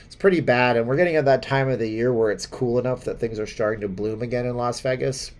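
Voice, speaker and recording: A man's voice: mid-range voice, quick pace, a little hiss or hum. A man hosts a loose live stream with his viewers. He reads their comments aloud and rambles through them with fillers, restarts and chuckles. His mid-range voice carries a slight stuffiness. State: stuffy from seasonal allergies. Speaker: host of a live chat stream.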